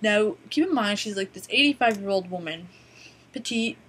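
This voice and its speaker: A woman's voice: mid-range voice, expressive, normal speed, a bit bright, slight background noise. A woman vlogger telling stories casually to her laptop webcam, rambling with many "um"s and a wry, profane streak. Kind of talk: casual storytelling to camera. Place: indoors at a borrowed laptop.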